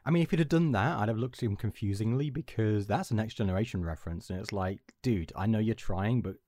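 A man's voice: fairly low pitch, fast, warm tone. A man from England co-hosting a podcast, rambling and restarting as he tells a story. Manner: rambling, self-interrupting storyteller. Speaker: podcast co-host. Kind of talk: casual chat.

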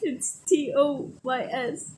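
A woman's voice: high voice, steady tone, slow, mellow, a little hiss or hum, low-quality recording. A teenage girl chatting with friends, giggly and scattered. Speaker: small streamer. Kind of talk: casual chat.

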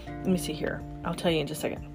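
A woman hosting a casual morning podcast, bubbly and quick to laugh. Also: fairly even intonation, over music. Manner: bubbly, laughs often, talks to her dog in a high baby voice. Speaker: podcast host.

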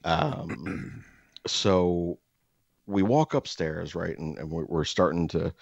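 A man's voice: sits low, lively intonation, slow, gravelly, no echo. A man casually telling a rambling story, full of fillers, restarts and swearing. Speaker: podcast co-host. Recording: dull lo-fi, dry.

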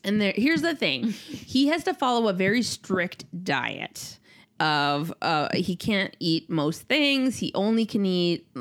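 A woman in her thirties chatting casually as a podcast co-host, telling stories with animated delivery and a lot of swearing. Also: mid-range voice, takes it slowly. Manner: animated storytelling, frequent swearing. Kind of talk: casual chat.

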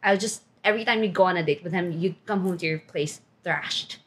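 A woman co-hosting a podcast in casual chat with her best friend, animated and teasing, often laughing. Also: fairly low pitch, a little fast. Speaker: podcast co-host.

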